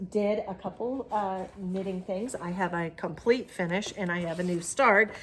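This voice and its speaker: A middle-aged woman hosting a crafting video, talking casually and rambling with lots of fillers and restarts. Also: mid-range voice. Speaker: Flosstube host. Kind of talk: casual show-and-tell vlog.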